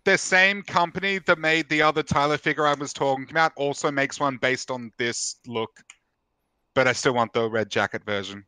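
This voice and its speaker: A man hosting a casual film-discussion livestream, lively and quick to laugh. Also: medium pitch, clean tone, no echo. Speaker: livestream host.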